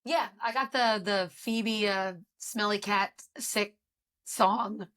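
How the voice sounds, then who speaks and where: Hoarse woman co-hosting a podcast. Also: mid-range voice, steady tone, slow, fairly bright tone. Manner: chatty, storytelling. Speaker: podcast co-host. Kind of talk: casual chat.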